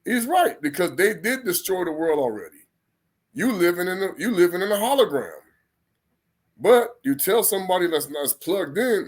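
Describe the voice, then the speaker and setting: A man preaches in a loose, conversational way, his voice sitting a little high for a man. He rambles, restarts his sentences and repeats words as he goes. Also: sing-song, moderate pace, slightly rough. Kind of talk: informal spoken sermon.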